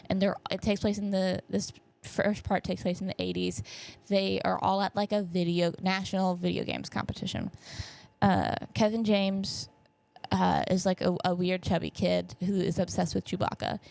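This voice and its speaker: Recorded on a camera setup, a young woman in her twenties recaps movies on her solo podcast, chatting loosely with plenty of fillers and asides. Her medium-pitched voice is creaky and a little mellow, and her nose sounds a bit stuffy.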